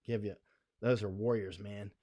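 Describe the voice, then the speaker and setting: A man's voice: fairly low pitch, steady tone, normal speed, warm tone, a little hiss or hum. An American man hosting a casual livestream, rambling in a folksy way, often laughing between thoughts. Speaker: livestream host.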